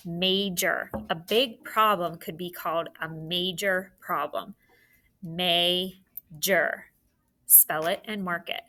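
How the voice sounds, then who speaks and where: A woman's voice: medium pitch, fairly bright tone. A woman teaching a phonics lesson, patiently dictating words and sounds and encouraging young students.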